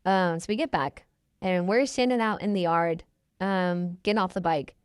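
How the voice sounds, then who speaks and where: A twenty-something woman guesting on a podcast shares her story chattily and casually, giving quoted people their own voices. Her smooth voice sits on the low side at a normal speed, captured in a dry, studio-quality recording.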